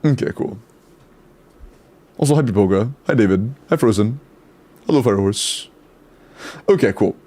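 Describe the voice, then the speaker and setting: A man's voice: lowish voice, mellow. Casual young man streamer chatting. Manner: chatty, greets chat rapidly, swears casually. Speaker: streamer reviewing game accounts. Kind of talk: casual live stream chat.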